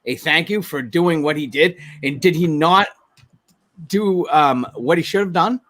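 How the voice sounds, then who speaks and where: A man's voice: on the high side, a little slow, a bit bright, no room sound. A man co-hosting a casual podcast, rambling and asking questions with hesitant restarts. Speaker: podcast co-host. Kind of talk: casual chat.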